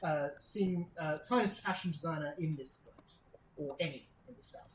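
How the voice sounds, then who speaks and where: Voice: medium pitch, normal speed, reverberant, slight background noise, lightly acted, low-quality recording. A GM doing a flamboyant halfling designer. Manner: theatrical, fawning, showy.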